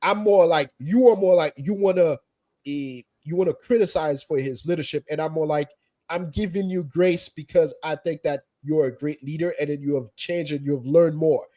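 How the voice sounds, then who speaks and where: A man co-hosting a football fan debate, animated and repeating himself as he talks. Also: fairly high pitch, moderate pace. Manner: animated, laughs while talking, repeats himself. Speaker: football podcast co-host.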